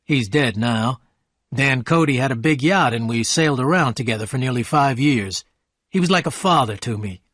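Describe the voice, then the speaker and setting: Brief: eager, dreamy rich young gentleman, friendly, mid-pitched voice, read by a man. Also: animated, normal speed, no room sound, clean studio sound. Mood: wistful. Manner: friendly, calls listener "old sport".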